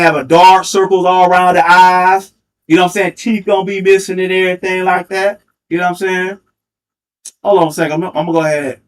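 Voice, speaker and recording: His voice sits high with a fairly bright tone, though the mic sounds distant. This man is hosting a livestream through a headset mic, ranting heatedly in a taunting, confrontational manner and repeating his digs.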